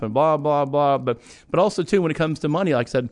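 A middle-aged man hosting a casual chat, his voice sitting a little high. He rambles, restarting sentences and filling gaps with fillers. He chuckles now and then as he talks. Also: fast talker.

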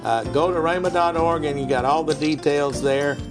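A man's voice: fairly high pitch, moderate pace. A man hosting, making a casual, conversational announcement. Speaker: ministry host. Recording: talking over background music.

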